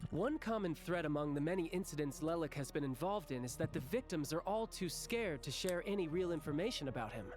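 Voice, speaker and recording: A man's voice: on the high side, animated, brisk, hardly any pauses, a little mellow, natural voice. A man voicing a cheerful, confident young male villain in a game, breezy and chuckling as he gives orders. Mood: playful. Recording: game voice over faint music.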